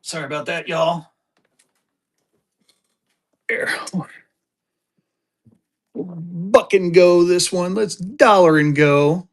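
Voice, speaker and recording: Selling live on a stream, a man from Colorado delivers fast, energetic auction patter in a high voice. Cheerful and rapid-fire, he keeps adding items and grows excited.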